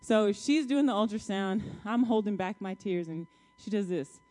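Addressing her church congregation directly, an adult married woman in her child-bearing years tells her testimony in a casual, forceful, story-driven way. She speaks at a moderate pace with a medium pitch, lively intonation, and a dark tone.

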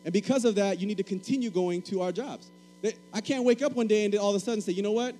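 A man's voice: high voice, quick pace, dark tone, soft background music, poor audio. A man from Puerto Rico preaching a sermon, emphatic and repeating key phrases, calling for answers from the congregation.

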